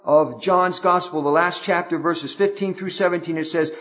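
High-voiced fervent preacher, lo-fi sound. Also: male voice, normal speed, hardly any pauses, a bit bright. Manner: fervent preaching with repeated phrases and restarts. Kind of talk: sermon. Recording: dull lo-fi recording.

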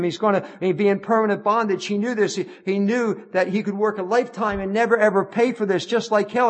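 A man preaching a sermon in an auditorium, earnest and pleading, often repeating and restarting his words. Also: high-pitched.

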